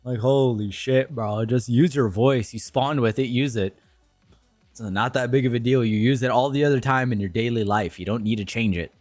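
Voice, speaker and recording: A man's voice: mid-range voice, normal speed, darkish tone, no room sound, faint music behind. A young man streaming and commenting casually, ranting in a blunt, profane way.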